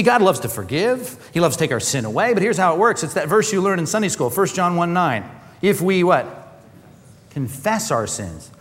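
A man preaching a sermon as pastor, animated, often acting out quoted voices. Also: high-pitched. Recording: long hall reverb.

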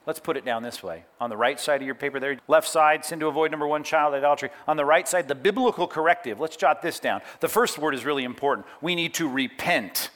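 This middle-aged pastor talks quickly with few pauses, his voice on the high side. His sermon is animated, full of acted-out quotes and asides telling listeners to record references.

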